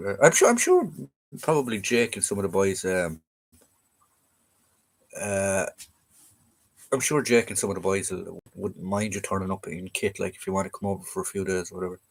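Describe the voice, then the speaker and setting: A man with an Irish accent sits with a fairly low voice, hosting a relaxed live stream for viewers. He rambles along easily, dropping in ums and starting sentences over as he goes. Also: normal speed, pauses often. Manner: rambling, easygoing, many fillers and restarts. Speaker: livestream host.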